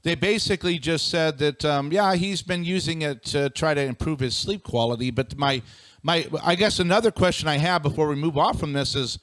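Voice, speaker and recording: A man co-hosting a talk show, answering the host in a measured way with fillers. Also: fairly high pitch, a bit bright, dry recording. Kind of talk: casual talk show banter.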